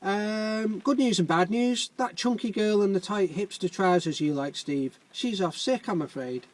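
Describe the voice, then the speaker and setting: A man's voice: sits high, measured pace, low-quality recording. A man doing a brash jovial site foreman. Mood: laddish banter. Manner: laddish, cheery, crude banter.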